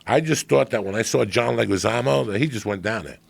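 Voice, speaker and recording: A man's voice: lowish voice, fairly quick. A middle-aged man, a comedian guest, telling stories in a blunt, profane, streetwise way. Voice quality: gravelly, raspy. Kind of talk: casual storytelling.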